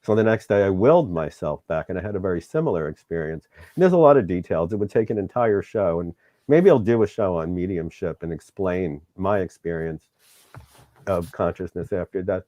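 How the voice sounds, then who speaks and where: A man's voice: low voice, lively intonation, a little fast, mellow, no echo, highs cut off. A middle-aged man, host of the show, candidly recounting a personal story in an interview and acting out the dialogue, sometimes getting emotional.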